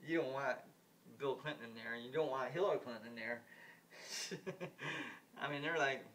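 A man's voice: mid-range voice, normal speed, a bit bright, far from the mic, slight background noise. A man rambling in a casual monologue, blunt and indignant, repeating himself with many restarts and the odd swear word. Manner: rambling, repetitive, lots of restarts and stumbles. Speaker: vlogger giving political opinions.

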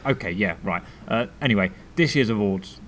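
An actor playing a fussy, formal investigative journalist interviewing and narrating in a mockumentary. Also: male voice, on the low side, expressive, normal speed, fairly bright tone, slight background noise. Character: posh prim investigative documentary interviewer. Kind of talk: mockumentary comedy.

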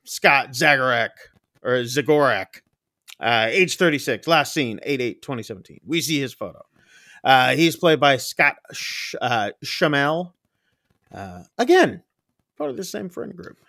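A man's voice: mid-range voice, very animated, unhurried, vocal fry, bright, forceful tone, no echo, studio quality. A man co-hosting a horror film podcast, recapping a movie in casual chat and acting out screams and quoted lines. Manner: rambling, acts out screams and quotes. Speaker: podcast co-host.

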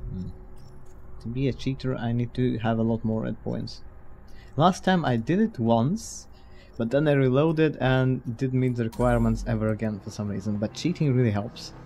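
A man's voice: medium pitch, normal speed, dark tone, a little hiss or hum. A man streaming a detective game, commenting casually in a wry, blunt way with casual swearing. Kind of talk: casual let's-play commentary.

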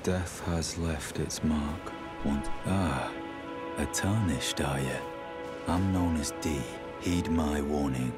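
A man's voice: a bass voice, slow pace. An actor voicing a grim male warrior from a video game, who gives solemn, ominous warnings. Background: game music.

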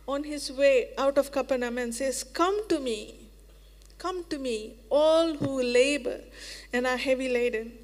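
A woman with an Indian English accent preaching a sermon in earnest tones, repeating key phrases and slowing down when she quotes scripture. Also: sits high. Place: church sanctuary. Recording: long hall reverb.

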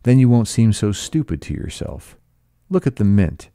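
A man's voice: on the low side, very animated, moderate pace, mellow, no echo, clean studio sound. A man reading the part of an anxious young society wife, with a pleading, helpless delivery.

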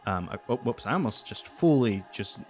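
Low-voiced male let's-player, loose rambling chat with self-deprecating jokes, soft game music underneath. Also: animated, normal speed. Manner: rambling, self-mocking, talks to game creatures. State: voice getting worn. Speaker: let's play host. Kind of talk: casual gameplay commentary.

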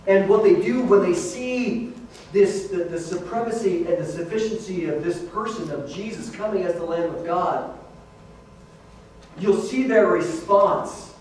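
A man's voice: high voice, measured pace, darkish tone, slight background noise. A man preaching a sermon as pastor, in a conversational way that keeps calling the listeners "guys". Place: large church sanctuary. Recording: very echoey hall, voice from far off.

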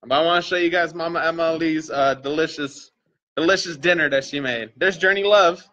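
A man's voice: fairly high pitch, a little fast, pushed and bright, lo-fi sound. A man hosting a casual livestream, joking with viewers and swearing freely. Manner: joking, profane, talks straight to viewers. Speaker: livestream host and parent.

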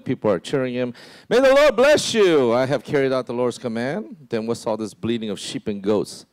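A man's voice: darkish tone, no echo. Man preaching a casual sermon. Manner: conversational, many "right?" asides and restarts; acts out quoted voices in a lower tone. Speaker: pastor.

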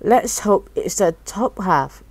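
A woman voicing a gruff, irritable father who speaks sharply and curtly. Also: mid-range voice, lively intonation, slow pace, darkish tone, dry recording.

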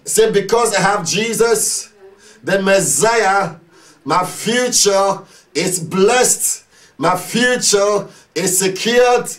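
A man's voice: high-pitched, recorded from a distance. A man preaching a sermon, leading the congregation in call-and-response prayer with emphatic, repetitive declarations.

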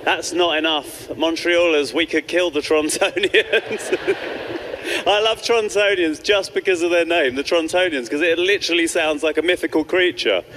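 High-voiced comedian doing rambling crowd work. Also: male voice, moderate pace. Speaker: stand-up comedian. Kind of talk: stand-up comedy set. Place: comedy club stage before a live audience. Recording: live club with audience noise.

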